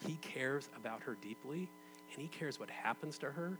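Conversational pastor, lively swings in volume. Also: male voice, medium pitch, moderate pace, background noise. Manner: conversational, swings from loud emphatic bursts to quiet intimate tones. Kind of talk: sermon.

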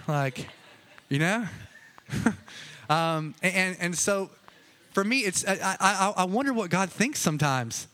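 A man's voice: sits high, expressive, unhurried, pauses often, bright, forceful tone, slight background noise. A man preaching a casual, conversational sermon, chatty and joking with many asides. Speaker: pastor.

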